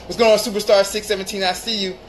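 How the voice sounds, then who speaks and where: Male live-stream host, slightly high voice, blunt and emphatic, repeats lines for stress, faint hiss behind. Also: flat delivery, fast talker, rough recording. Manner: greets viewers mid-talk. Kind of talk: casual live-stream advice monologue.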